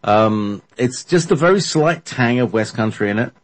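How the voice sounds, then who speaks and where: A man's voice: medium pitch, expressive, moderate pace. A man chatting casually as a guest, rambling and hesitant with many fillers. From Britain. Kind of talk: casual podcast chat.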